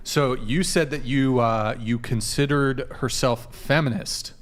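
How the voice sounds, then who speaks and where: A man's voice: medium pitch, fairly even intonation, a little slow, few pauses. A man hosting a podcast panel, moderating loosely and reading from notes, tripping over words and swearing casually.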